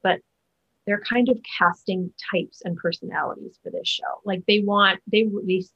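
A woman with a husky, breathy voice talks in a loose, chatty way and keeps restarting her sentences. She speaks as a guest in a casual interview. The sound is muffled and lo-fi. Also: mid-range voice, fairly even intonation, normal speed. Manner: chatty, many fillers and restarts. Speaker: Broadway actor, guest.

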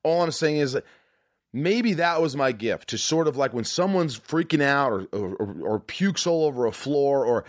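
A man's voice: mid-range voice, expressive, normal speed, dry recording. A man hosting a podcast in casual chat, talking earnestly and profanely with many restarts, on a studio mic. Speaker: podcast host.

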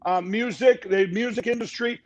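A man's voice: high voice, normal speed. A middle-aged man speaking as a guest on a talk show, rambling and emphatic, with frequent restarts. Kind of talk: fast rambling interview talk. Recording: dull lo-fi audio.

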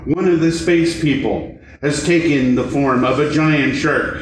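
A man's voice: on the high side, measured pace, lightly acted. Man reading an eager young screenwriter. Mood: earnest. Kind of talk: comedic script table read. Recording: distant, echoey room, clear noise.

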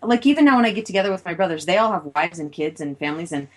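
A woman's voice: on the low side, lively intonation, very fast. A woman in her thirties, co-hosting a casual talk show and speaking in a reflective way. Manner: reflective, soft-spoken musing. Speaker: co-host. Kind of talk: casual chat.

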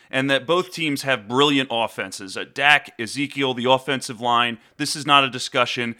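A man hosting a casual sports discussion, excitable and swearing, steering the conversation between guests. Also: mid-range voice. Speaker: podcast host.

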